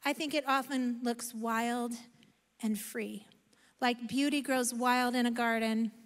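A woman pastor giving an animated, emphatic sermon in a church sanctuary. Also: on the high side, takes it slowly. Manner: animated, emphatic preaching with self-aware asides. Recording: long reverb of a large hall.

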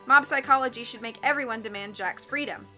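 A woman's voice: a little high, a little fast, sharp tone, soft background music. A woman voicing a clever, bookish boy who patiently explains ideas, read aloud from a storybook. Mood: explaining.

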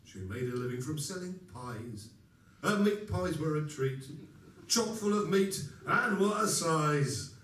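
A man's voice: on the high side, animated, a bit bright, slight background noise. Theatrical male folk singer in an echoey hall. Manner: theatrical, playful, drawn-out singing. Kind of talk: live comic folk song with spoken patter. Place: live concert in a hall. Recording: echoey hall from far off with audience.

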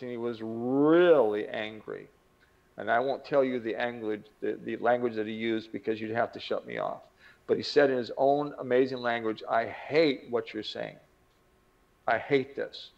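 A man's voice: medium pitch, vocal fry, lo-fi sound. A man teaching a self-improvement lesson as an earnest, vivid storyteller. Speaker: motivational teacher. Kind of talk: storytelling lecture.

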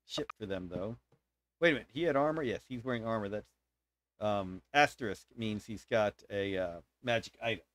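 This is a man at ease, thinking aloud as he plays through a strategy game for viewers. His middling voice swings up and down expressively, and he drops playful sound effects into the battles while he explains each move. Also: medium pitch. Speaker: game streamer. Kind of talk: casual gameplay commentary.

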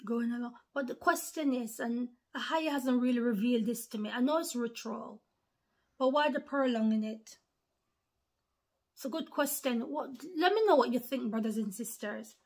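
Speaking at a normal pace, a woman with a slightly high voice preaches earnestly and informally to her online followers. She calls them brothers and sisters and repeats key phrases, sinking to near whispers before rising into forceful lines.

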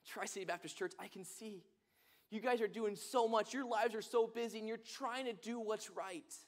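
Man doing god talking to people, earnest and gentle, high-ish voice, sermon. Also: normal speed, natural voice. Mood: tender.

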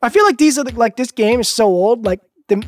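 Excitable guy doing let's play commentary, super lively pitch, dry close mic. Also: a little fast, no echo. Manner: excitable, yelling at the game. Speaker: co-host.

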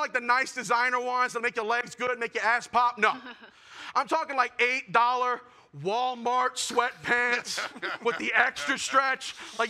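A young man performing a self-deprecating stand-up comedy set with animated storytelling. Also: very high-pitched. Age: young adult.

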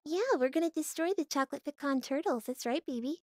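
A woman's voice: high-pitched, fast talker, no room sound, clean studio sound. A woman hosting a casual livestream, playful and mock-dramatic, often breaking into laughter. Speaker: livestream host.

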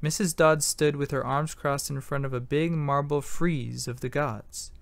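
A man's voice: fairly high pitch, steady tone, a little slow, vocal fry, no echo. A man reading a novel aloud in first person, narrating an amateur audiobook in a plain, matter-of-fact way.

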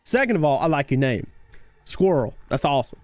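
A man's voice: fairly high pitch, very animated, a little fast, darkish tone, no room sound, faint music behind. A man streaming a game live, chatting casually and thanking viewers by name. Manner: laid-back, thanks viewers by name, calls them brother. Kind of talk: casual gaming livestream chat.

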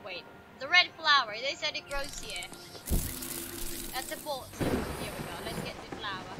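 A woman's voice: high voice, animated, normal speed, heavy background noise. A young woman streaming a game, playfully chatting, giggling and reading her chat aloud. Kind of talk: live let's-play commentary.

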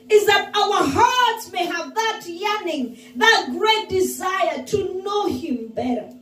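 A woman pastor delivers a sermon in a very high voice, taking her time and leaning on repeated phrases. She sounds a little off-mic in a roomy, echoing space. Faint music plays underneath. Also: distant mic. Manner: slow, emphatic preaching with repeated phrases.

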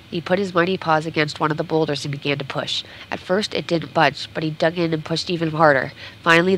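A woman's voice: sits low, a bit bright, slight background noise, poor audio. A woman game streamer reading a storybook aloud during a playthrough, sometimes stumbling and correcting herself.

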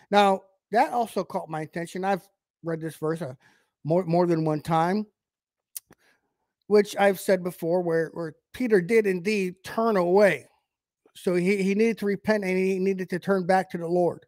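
Casting: man from the US, preacher on a livestream, casual and rambling delivery, slightly high voice, dry close sound. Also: steady tone, moderate pace, darkish tone, no echo. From United States. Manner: conversational, many fillers and restarts. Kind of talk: livestreamed Bible teaching.

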